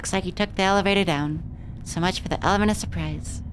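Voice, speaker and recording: Woman streamer, young, lowish voice, casual and foul-mouthed, reads game dialogue aloud. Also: fast, slight background noise. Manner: casual, swearing freely.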